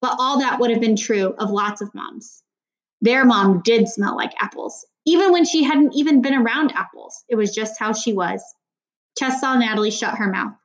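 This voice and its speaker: A woman's voice: fairly high pitch, expressive, normal speed, poor audio. A woman reading a children's novel aloud, with small slips and restarts. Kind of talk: audiobook narration of a children's novel.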